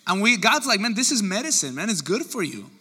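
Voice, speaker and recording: A man preaching a sermon, animated and acting out the people he quotes. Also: high voice, a little fast, husky. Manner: animated, acts out quoted voices. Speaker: pastor.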